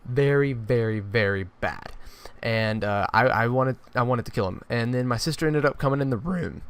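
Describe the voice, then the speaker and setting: A young man, telling a true story for his vlog in an animated way, often restarting his sentences. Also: medium pitch, moderate pace, slight background noise. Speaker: YouTuber.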